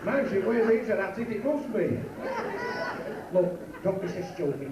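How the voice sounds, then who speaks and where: Yorkshire man, high-ish, bossy straight man, distant echoey live club tape. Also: slow pace, pauses often, a loud crowd. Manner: blustering, scolding straight man. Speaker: club comedy double act lead. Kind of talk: club comedy double act. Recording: roomy live club recording from far off.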